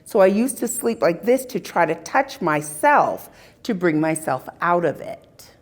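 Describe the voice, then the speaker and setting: Unhurried, animated woman speaker. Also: lowish voice, creaky. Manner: animated storytelling, acting out scenes. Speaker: spiritual workshop speaker. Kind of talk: live talk to an audience. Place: expo hall.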